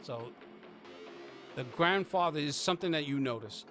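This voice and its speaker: A man's voice: on the high side, animated, normal speed, a bit bright, soft background music. A man narrating as game master, rambling with lots of restarts and casual swearing.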